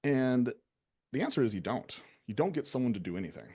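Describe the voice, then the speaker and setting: A man's voice: medium pitch, sing-song, a little fast, warm tone, husky. A man hosting a casual business talk, loose and conversational, with many fillers. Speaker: business owner and show host.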